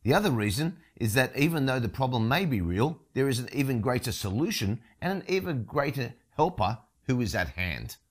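A male pastor delivering a sermon with emphatic, storytelling energy. His voice is mid-pitched and swings lively up and down. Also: a little fast, hardly any pauses.

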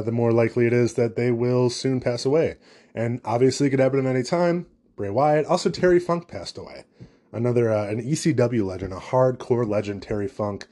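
A man's voice: medium pitch, warm tone. A young man, a new father, hosting a solo comedy podcast in a rambling, jokey, self-deprecating way. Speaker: podcast host.

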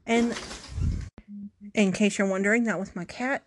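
A woman's voice: medium pitch, fairly even intonation, a little slow, slight background noise. Self-mocking woman telling a dramatic story. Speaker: vlogger. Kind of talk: casual storytelling to camera.

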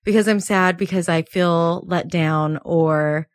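A woman in her late twenties, chatting casually as a podcast co-host. She laughs often and acts out quotes in a higher voice. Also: steady tone, slow pace, no echo, clean studio sound. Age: 20s. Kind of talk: casual chat.

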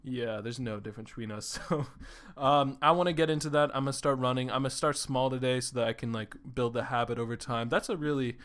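A young man hosting a solo podcast who talks in an excited, rambling way, swears freely and fills his talk with "like". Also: mid-range voice, quick pace. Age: young adult. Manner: excitable, rambling, swears a lot, says "like" often. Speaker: podcast host. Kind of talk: casual solo podcast monologue.

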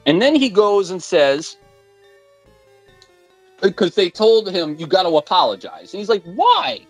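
In an unhurried, mid-range voice, a podcast co-host casually retells a story with lots of animation, doing mock voices for the plot and swearing bluntly. Faint music plays in the background.

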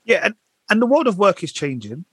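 A man in casual podcast chat, animated and acting out voices in his stories. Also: sits high, a little fast, slightly rough, dry recording. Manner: animated, acts out voices in anecdotes.

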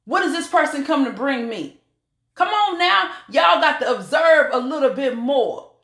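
A woman's voice: sits high, lively intonation, normal speed, fairly bright tone. A middle-aged woman giving a preachy motivational talk, calling out to listeners as y'all and honey. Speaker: motivational speaker.

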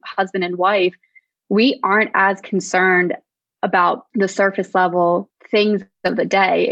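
A woman's voice: medium pitch, dry recording. Young woman podcast co-host, thoughtful, filler-heavy chat, close dry muffled mic. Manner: reflective, talks slowly with many likes and ums.

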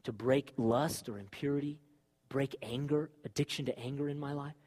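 A man preaching a sermon with fervor, moving from loud exhortation to quiet, confessional talk. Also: mid-range voice, fairly even intonation, normal speed.

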